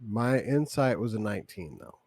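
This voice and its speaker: Man, tabletop game player, dry halting manner, deep voice, dead dry sound. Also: lively intonation, darkish tone, no room sound. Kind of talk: casual play and in-character talk.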